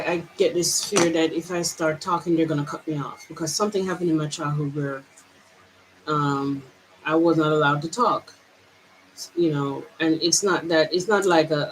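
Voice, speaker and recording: A woman vlogger with a Jamaican accent, pouring out her feelings in a halting personal monologue full of restarts. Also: deep voice, steady tone, a little hiss or hum, rough recording.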